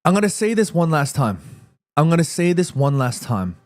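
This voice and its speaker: A man hosting a live watchalong stream in casual chat, excitable, reading viewer messages aloud and swearing freely. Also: a little high, normal speed.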